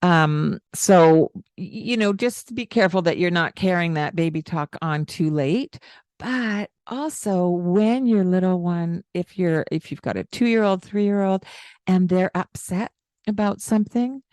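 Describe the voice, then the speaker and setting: A woman co-hosting a parenting podcast, explaining things calmly in casual chat. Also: unhurried, no room sound. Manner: explains calmly, demonstrates baby talk with high sing-song bits.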